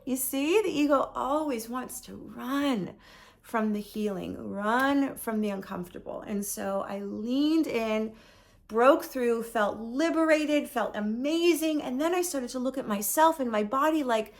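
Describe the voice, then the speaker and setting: A woman's voice: fairly high pitch, measured pace. A woman in her forties talking earnestly in a reflective video journal, often trailing off and restarting her thoughts. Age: 40s. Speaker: vlogger. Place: lives in Paris.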